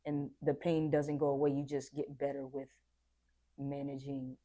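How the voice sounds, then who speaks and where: A woman's voice: a bass voice, flat delivery, moderate pace, mellow, dull audio. A young adult woman talking earnestly and reflectively in a casual podcast conversation, sometimes acting out what people said. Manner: reflective, earnest, acts out quoted voices.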